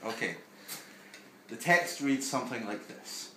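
A man's voice: medium pitch, big pitch swings, moderate pace, a bit bright. A young man doing a live stand-up set in a small basement venue, wry and self-deprecating, bantering with the front row. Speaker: stand-up comedian. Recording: echoey room with audience noise. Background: audience ambience and laughter.

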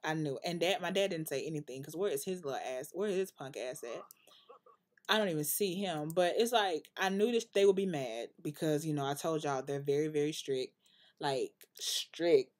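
A woman's voice: deep voice, fairly quick, darkish tone. A woman hosting a let's play, rambling chattily and addressing the viewers directly with laughs. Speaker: gaming channel host. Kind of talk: casual let's play commentary.

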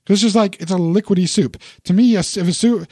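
Rambling, animated man. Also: high voice, fast talker, husky, no room sound, clean studio sound. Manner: rambling, animated, self-deprecating. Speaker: podcast co-host. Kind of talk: casual chat.

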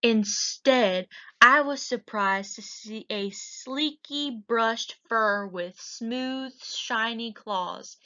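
Slow, bright-voiced woman reading a picture book aloud. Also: a little high. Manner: slow and expressive. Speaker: teacher. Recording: dull lo-fi recording.

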